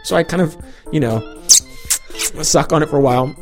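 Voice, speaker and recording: Being interviewed, a middle-aged male professor animatedly tells a personal story, filling it with lots of "like" and "you know." His voice is fairly high and fairly quick, with faint music behind.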